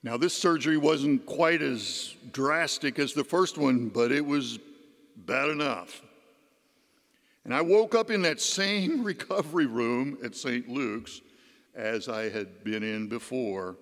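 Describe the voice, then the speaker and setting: A man's voice: medium pitch, slow pace, fairly bright tone. A man, a deacon, giving a homily as a folksy personal story, his voice rising and dropping. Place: church. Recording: long church reverb.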